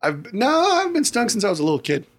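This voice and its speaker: A man chatting on a podcast who tells stories with animation and acts out his own reactions. His voice sits a bit high and moves through a wide, lively range of pitch. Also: fast. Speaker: podcast co-host. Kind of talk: casual podcast chat.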